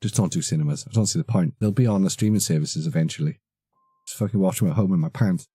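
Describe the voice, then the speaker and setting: A man in his thirties chats on a live stream, rambling and swearing as he goes. His voice sits low and mellow, and faint music plays behind him. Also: fast talker, husky, no room sound, clean studio sound. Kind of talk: casual live-stream chat.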